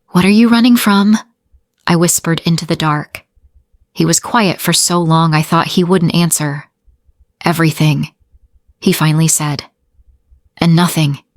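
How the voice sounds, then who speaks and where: A woman's voice: on the low side, dry recording. A woman narrating a first-person romance story, with dramatic pacing and short, broken fragments.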